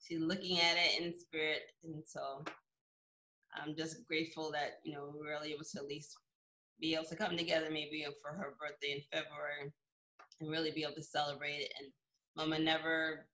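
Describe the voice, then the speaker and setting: A woman speaking gently and briefly on a family video call. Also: deep voice, little pitch movement, a little fast, poor audio. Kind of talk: casual remarks on a video call.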